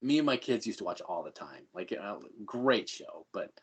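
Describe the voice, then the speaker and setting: A man's voice: fairly low pitch, very animated, moderate pace, breathy edge. A middle-aged man as a podcast guest, upbeat and laughing often as he tells stories. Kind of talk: casual chat.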